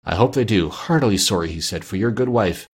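A man reading Bob Cratchit, gentle grieving father. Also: lowish voice, lively intonation, brisk, breathy edge. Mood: tender. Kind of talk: audiobook reading.

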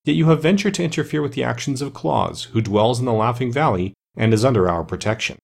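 A man's voice: medium pitch, animated, fast, creaky, slightly rough. A man doing a grave, stern immortal woodsman. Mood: calm. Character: grave immortal master of the forests, bearded.

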